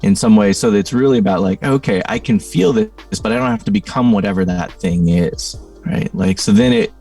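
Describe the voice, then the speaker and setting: A man's voice: lowish voice, sing-song, brisk, mellow, distant mic, soft background music. A middle-aged man, a podcast guest, telling a reflective story in a thoughtful, conversational way, full of "you know" and "like.".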